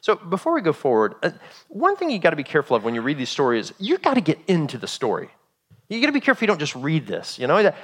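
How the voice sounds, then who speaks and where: In a high-pitched voice, a man preaches a sermon, retelling a story with lively drama and acting out each character.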